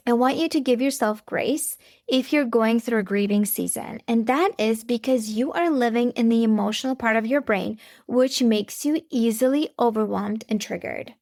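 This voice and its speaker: A woman's voice: fairly high pitch, darkish tone, no echo, clean studio sound. A woman in her thirties hosting a faith-based parenting podcast, talking earnestly and conversationally straight to her listeners. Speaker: podcast host.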